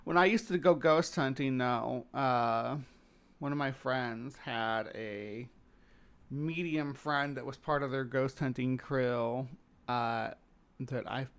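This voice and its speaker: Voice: medium pitch, takes it slowly. A live stream host from Missouri with a slight Southern accent, rambling casually with many fillers while reacting to videos.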